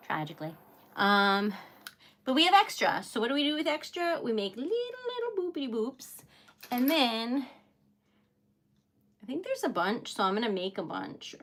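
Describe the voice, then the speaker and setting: Giggly young woman chatting on her craft livestream, bubbly, kinda high voice. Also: a bit bright. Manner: bubbly, giggly, chatty, self-described emotional. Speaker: livestream host making wax seal crafts. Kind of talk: casual livestream chat.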